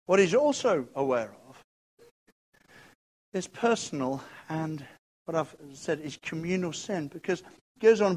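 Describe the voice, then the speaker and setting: A man with a notably high voice delivers a sermon. His preaching is expressive and emphatic, leaning on rhetorical questions. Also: a little slow, pauses often.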